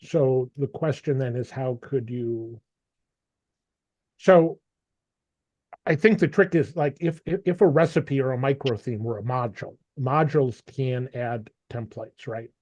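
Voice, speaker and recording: A man's voice: mid-range voice, unhurried, a little mellow, dry recording, muffled recording. A man running an online meeting over a video call, talking casually and often repeating words as he thinks. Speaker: meeting facilitator.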